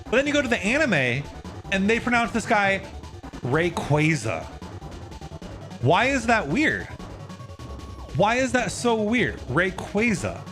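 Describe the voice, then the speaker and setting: A man's voice: high-pitched, sing-song, normal speed, bright, forceful tone, faint music behind. A young man streaming live, casually explaining a topic and answering his viewers' chat.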